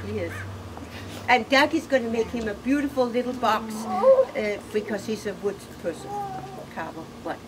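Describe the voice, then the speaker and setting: A middle-aged woman giving a personal eulogy, halting and emotional, laughing through tears. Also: a little high, sing-song, far from the mic. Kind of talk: personal eulogy, casual storytelling. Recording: noisy room ambience.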